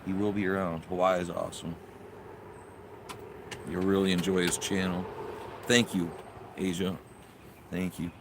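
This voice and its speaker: Low-voiced man chatting on a livestream. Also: unhurried, long pauses, noisy background. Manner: relaxed and chatty, greets viewers. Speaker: livestream host. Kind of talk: casual livestream chat. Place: outdoors in a yard.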